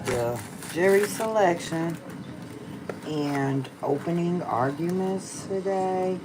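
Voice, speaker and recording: Woman livestream host, deep and slow, drowsy casual chat over a noisy outdoor phone recording. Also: expressive. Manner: chatty, slangy, addresses viewers as y'all. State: tired, yawning. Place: outdoors on a rainy day.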